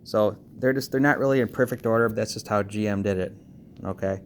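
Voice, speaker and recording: A man giving a casual how-to walkthrough on car audio wiring, talking quickly and checking in with frequent "okay"s. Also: on the low side, a little hiss or hum. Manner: talks fast, checks in with frequent okays.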